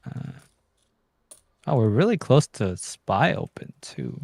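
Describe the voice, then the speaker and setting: Trading stream host, male, lively swooping pitch, unhurried, dry close mic, jokey mutterer. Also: vocal fry, dry recording. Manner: joking, mumbled asides and hums. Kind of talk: casual chat over live trades.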